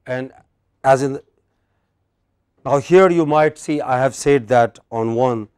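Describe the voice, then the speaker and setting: Male Indian English teacher, mid pitch, dry sound, classroom drills. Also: slow, darkish tone, clear, resonant tone, dry recording. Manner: drills word stress, quizzing students. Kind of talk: classroom lecture.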